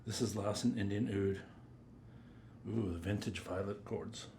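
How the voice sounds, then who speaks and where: A man giving a casual, rambling first-impressions review of perfumes, chatty and drifting into quiet mutters as he sniffs. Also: on the low side, steady tone, takes it slowly, a little hiss or hum. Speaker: fragrance reviewer.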